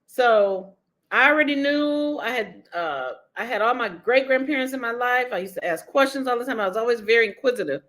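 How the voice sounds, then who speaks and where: Woman author, interview guest; higher voice, emphatic and animated, laughs a lot. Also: a little fast. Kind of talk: candid interview conversation.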